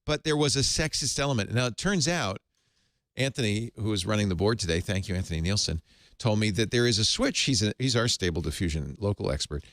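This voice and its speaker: A man's voice: lowish voice, expressive, a little fast, fairly bright tone, dry recording. A man hosting a radio tech show, chatting in a playful, self-mocking way. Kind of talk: casual radio chat.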